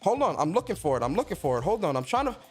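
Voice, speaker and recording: A higher-voiced man hosts a podcast in a loose, ranting style. He swears freely and trips over repeated words as he pushes his point. Faint music sits low behind him. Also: big pitch swings, rapid-fire. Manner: blunt and profane, stammers and repeats words. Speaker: podcast host. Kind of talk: casual ranting commentary.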